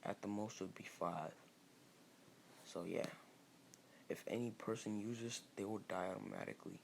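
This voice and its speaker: A man's voice: on the low side, moderate pace, creaky, slight background noise. A man casually improvising a fan-fiction story, rambling with restarts and fillers.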